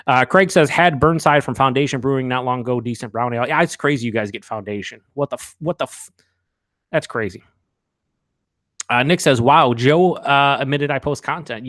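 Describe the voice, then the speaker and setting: A man's voice: medium pitch, a bit bright, dry recording, studio quality. A man hosting a live beer review. He talks casually and candidly, rambles with fillers, swears now and then, and reads out viewers' chat comments.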